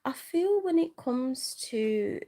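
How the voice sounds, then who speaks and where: A young woman rambling softly in an unplanned livestream chat, sad and tearful, talking into a handheld phone. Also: high voice, lively intonation, takes it slowly, noisy background. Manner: rambling, soft-spoken, trailing off. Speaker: vlogger.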